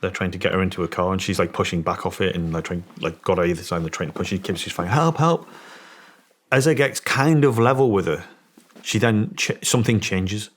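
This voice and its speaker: A former special forces soldier, appearing as a guest, tells a story in casual conversation with a low voice, a steady tone, and a fast delivery. He rambles, restarts often, and hammers home his points emphatically.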